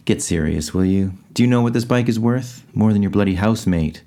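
A man's voice: fairly low pitch, a little fast, warm tone, lightly acted. A man voicing a smug, bullying rich teenage boy in a short story he reads aloud, taunting and sneering.

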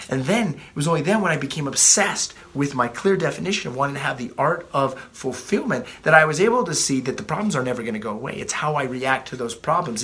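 A man's voice: fairly high pitch, pushed and bright. A man in his thirties, a life coach giving a blunt motivational talk, swearing freely and often repeating himself.

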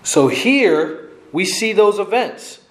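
A man's voice: high-pitched, animated, takes it slowly, echoey room. A man preaching an expository sermon, emphatic and repeating his key lines for weight.

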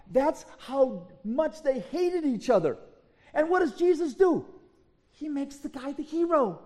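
A man preaching a sermon as pastor, telling a story in an animated way and asking the congregation rhetorical questions. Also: high voice.

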